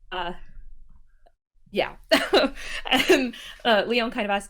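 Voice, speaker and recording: A woman's voice: on the high side, lively intonation, very slow, pauses often, fairly bright tone. A woman playing a tabletop game, describing her character's actions casually with hesitant fillers. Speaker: player.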